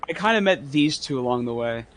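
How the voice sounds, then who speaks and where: A man's voice: mid-range voice, animated, fairly quick, a loud crowd. A man playing a tabletop game, answering in character with defensive, sheepish banter. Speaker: player.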